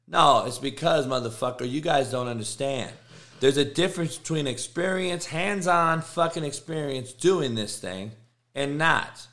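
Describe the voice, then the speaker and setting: A man's voice: on the high side, measured pace, fairly bright tone. A middle-aged man, host of a sports show, ranting casually and emphatically, swearing and repeating himself for effect. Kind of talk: casual rant on college football.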